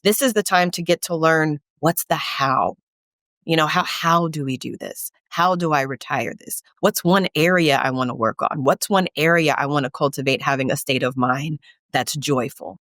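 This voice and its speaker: A woman's voice: low voice, normal speed, a bit bright. A woman therapist speaking on a podcast with punchy, repeated lines of encouragement. Her speech is casual and colloquial. The sound is dry, with no room echo. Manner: emphatic, repeats lines like a pep talk; colloquial, calls listeners y'all and sis. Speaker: guest therapist. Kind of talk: podcast conversation.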